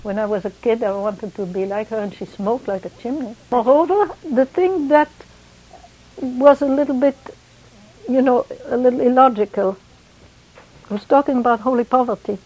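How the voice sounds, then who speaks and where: A woman's voice: a little high, normal speed, darkish tone, low-quality recording. An older woman chatting casually about her memories, wandering a little and laughing along. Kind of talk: casual reminiscing.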